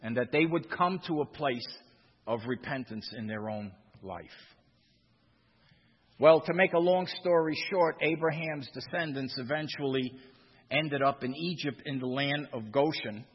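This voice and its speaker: A man's voice: mid-range voice, measured pace, breathy edge, in a large hall, lo-fi sound. A man preaching a sermon as a pastor, with swells of emphasis and repeated phrases.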